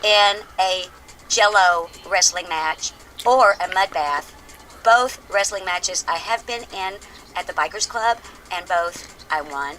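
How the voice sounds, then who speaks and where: A woman's voice: fairly low pitch, slow, bright, forceful tone, a little hiss or hum. An older woman delivering a brash, profane, sarcastic rant in a vlog aimed at a troll. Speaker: video creator answering a troll. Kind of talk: ranting vlog monologue.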